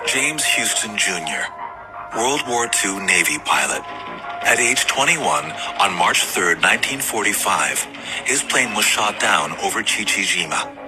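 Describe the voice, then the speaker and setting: A man's voice: fairly low pitch, lively intonation, unhurried, over music, poor audio. A man giving scripted documentary narration with a dramatic, emphatic delivery.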